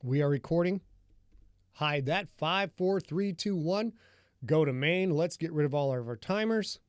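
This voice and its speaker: A rambling, chatty man from northern Michigan hosts a live stream before a reading and greets viewers as they arrive. His voice sits a bit high for a man. The sound is dry and close, with almost no room. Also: expressive, measured pace, clean tone, no room sound. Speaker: author hosting a live podcast reading. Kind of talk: casual chat with a live stream audience.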